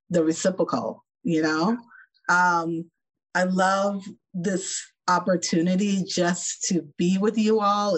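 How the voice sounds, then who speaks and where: A woman's voice: low voice, poor audio. A woman guest on a podcast, speaking in a thoughtful, affirming way. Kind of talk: warm conversational podcast talk.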